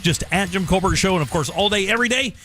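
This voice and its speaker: Upbeat radio host, slightly high voice. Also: male voice, sharp tone, a little hiss or hum. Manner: brisk, upbeat, laughs easily. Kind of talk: talk radio banter. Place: radio studio.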